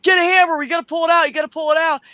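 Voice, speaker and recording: A young prankster husband yells in strained, fake pain, his voice pushed up high and bright, as a man acts him out while telling a story. The sound is loud and forced. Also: animated, normal speed, no room sound, studio quality, exaggerated voice. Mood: yelling. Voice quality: strained yelling.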